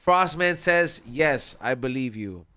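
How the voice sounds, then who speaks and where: A man's voice: mid-range voice, animated, takes it slowly, pushed and bright, clear, resonant tone. A man hosting a casual podcast, reading out viewer messages in an easygoing way. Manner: easygoing, reads messages aloud. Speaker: podcast host.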